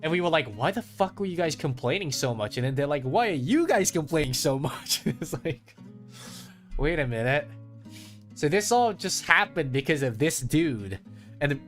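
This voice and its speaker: A man's voice: a little high, moderate pace. A man streaming casual chat, telling a story with lots of swearing and acting out his friends' lines. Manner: animated, swearing, acts out friends' voices. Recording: faint guitar music behind.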